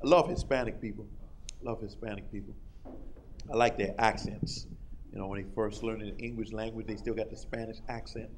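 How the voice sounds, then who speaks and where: A man doing a stand-up routine, loud and animated, acting out characters and shouting punchlines. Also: lowish voice, brisk, a little hiss or hum. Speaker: stand-up comedian.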